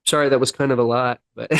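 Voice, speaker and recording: A man's voice: mid-range voice, steady tone, normal speed, a bit bright, no room sound. A man, a podcast guest and musician, earnestly retelling his recovery story in a sit-down interview, acting out the dialogue and near tears at times.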